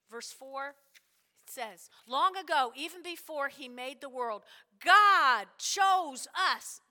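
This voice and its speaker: A woman preaches a sermon in a high-pitched, pushed and bright voice, telling an emphatic story and acting out the voices of its characters. The long reverb of a large hall surrounds her.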